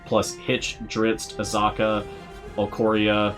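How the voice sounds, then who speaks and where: Man, live stream host, casual chat, bright lowish voice. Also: slow, soft background music. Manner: relaxed, chatty, laughs often. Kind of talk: casual chat reading viewer questions.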